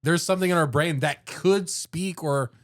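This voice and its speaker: A man's voice: on the high side, normal speed, no echo, clean studio sound. A man hosting a podcast in casual chat, laughing a lot and filling his talk with "like". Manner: chatty, laughs often, heavy fillers. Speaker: podcast co-host.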